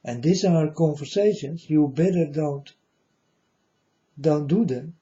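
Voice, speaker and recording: A man's voice: on the high side, slow, dark tone, lo-fi sound. A man speaking in a rambling, profane monologue, often adding "you know", with non-native English grammar. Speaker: self-styled spiritual speaker. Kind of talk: casual spoken monologue.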